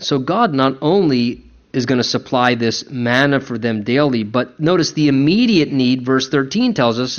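A man preaching a conversational sermon as a pastor, acting out quoted voices as he goes. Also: mid-range voice. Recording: dull lo-fi recording.

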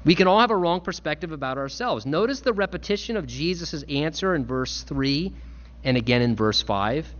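Male pastor, animated sermon delivery, slightly raised pitch, dull recording. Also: normal speed. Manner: earnest, emphatic preaching with repetition.

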